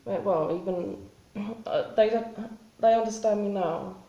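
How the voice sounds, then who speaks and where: A woman talking in a spontaneous confessional vlog, halting and rambling with many restarts and fillers. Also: medium pitch, dark tone, reverberant, lo-fi sound. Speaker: vlogger.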